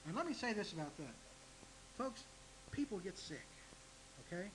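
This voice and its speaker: A man's voice: sits high, sing-song, moderate pace, background noise. A man preaching a folksy sermon, teasing himself and asking the congregation direct questions. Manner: folksy, self-deprecating, talks straight to the congregation.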